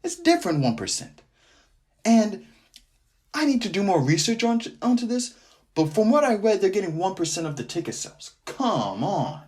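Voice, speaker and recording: A man's voice: high-pitched, very animated, normal speed, darkish tone. A man hosting a casual sports podcast, joking around, repeating his phrases and sliding into a sing-song delivery. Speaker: podcast host.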